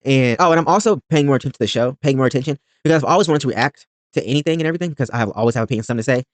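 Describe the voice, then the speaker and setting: A man's voice: medium pitch, racing, dry recording. A man hosting a reaction video, recapping a reality show in a rambling, blunt and profane way.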